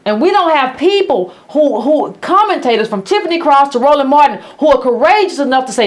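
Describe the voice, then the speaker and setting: A woman hosting a commentary show, blunt and biting in her sarcasm. Her voice sits somewhat high and swings through a wide, lively range. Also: brisk, hardly any pauses. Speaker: host of a political commentary channel. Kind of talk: opinionated commentary monologue.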